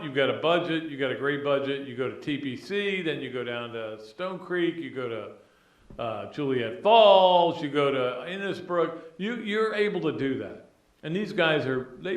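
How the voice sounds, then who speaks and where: Middle-aged male podcast host, rambling and animated, mid-pitched voice, roomy echo. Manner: animated, rambling, emotional, many restarts. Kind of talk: casual sports talk monologue.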